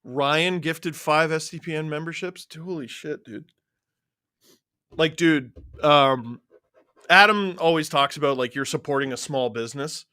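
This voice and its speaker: Excitable man, bright voice. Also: on the high side, clean tone, dry recording, clean studio sound. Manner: excitable, swears freely, rattles off names quickly. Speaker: live stream host. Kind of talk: live watchalong stream chat, reading out viewer names.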